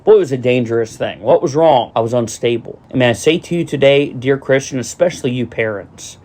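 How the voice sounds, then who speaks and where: A middle-aged man delivers a sermon with earnest conviction. He speaks straight to his congregation and circles back to the same refrains, his voice sitting at an ordinary pitch. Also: fairly quick, darkish tone. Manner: earnest preaching with repeated refrains and direct address. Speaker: pastor.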